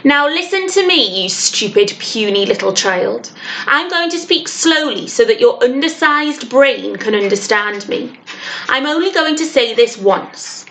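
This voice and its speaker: A woman's voice: fairly high pitch, lively intonation, a little slow, fairly bright tone, a little hiss or hum. A woman voicing a wickedly posh, boastful male villain hunter from a children's storybook, reading aloud with sneering, cackling delivery.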